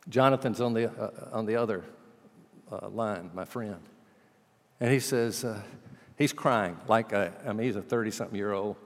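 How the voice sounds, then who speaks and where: Man preaching in a reverberant hall. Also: medium pitch. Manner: storytelling, acting out dialogue with big swings in loudness. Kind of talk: sermon.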